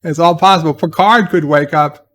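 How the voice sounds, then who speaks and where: A man's voice: on the high side, moderate pace, a bit bright. A man giving a rambling, exasperated spoken review of a TV episode, often restarting his sentences. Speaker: TV show reviewer.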